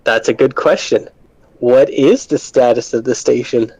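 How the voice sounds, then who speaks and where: A man's voice: mid-range voice, a little slow, darkish tone, slightly rough, dry recording. A man playing an engineer in a tabletop game, talking in a playful way. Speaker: player as engineer. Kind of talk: tabletop role-play. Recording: dry, dull mic.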